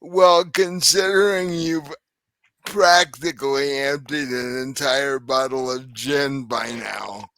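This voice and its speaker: A game master narrates a tabletop horror session at a very slow, unhurried pace. He is a man who laughs often, and his voice is smooth and clear. The sound is close and dry. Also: mid-range voice, bright, forceful tone, dry recording.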